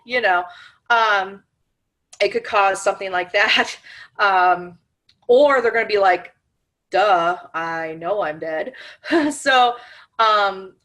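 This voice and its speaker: A woman's voice: mid-range voice, a bit bright. A woman teaching an online webinar class in a chatty, informal way, with frequent laughs and fillers. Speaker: paranormal class instructor. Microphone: computer mic on a webinar call.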